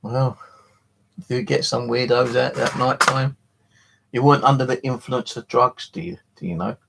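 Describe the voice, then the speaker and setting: A man hosting a live stream from his flat, chatting casually in a rambling, jokey way and swearing freely. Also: mid-range voice, normal speed, creaky, background noise. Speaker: live streamer and paranormal channel host.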